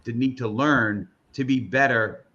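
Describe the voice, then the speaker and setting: Rambling American host, slightly muffled audio. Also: male voice, mid-range voice, measured pace, pushed and bright. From American Northeast. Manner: rambling, many restarts and fillers, hypes the audience. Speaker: host of a live interview broadcast. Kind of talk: casual live-stream chat.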